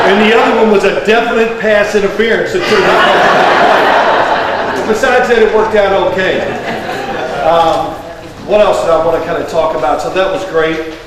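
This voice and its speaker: A man's voice: high voice, measured pace, long pauses, heavy background noise. Joking Kentucky-accented man speaking in an echoey hall. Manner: folksy, joking, rambling anecdotes. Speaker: guest of honor giving a speech. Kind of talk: public speech. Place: large indoor hall. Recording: echoey hall, distant mic, faint background.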